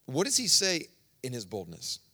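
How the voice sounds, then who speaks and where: Conversational male preacher, loud then hushed. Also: medium pitch, wildly swooping pitch, normal speed. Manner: conversational, storytelling preaching with sudden swings between loud and soft. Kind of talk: sermon.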